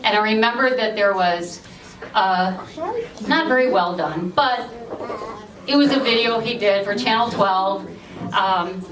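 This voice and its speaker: A woman speaks at a memorial gathering, halting and self-deprecating, with frequent fillers. She sounds distant from the mic in a roomy hall. A crowd murmurs behind her. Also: medium pitch. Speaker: family member giving a eulogy. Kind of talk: memorial speech.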